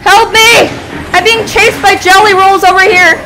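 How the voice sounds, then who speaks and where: Her voice is extremely high, with fairly even intonation and an unhurried pace, against a noisy background. A young gamer, she shrieks at the frights in a horror game and playfully taunts its monsters while loud game music plays.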